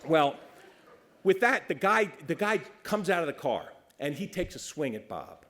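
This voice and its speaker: Lively, stammering man telling a roast story. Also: a little high, normal speed. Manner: animated storyteller, stammers and restarts, voices the people he quotes. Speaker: police officer giving a roast speech.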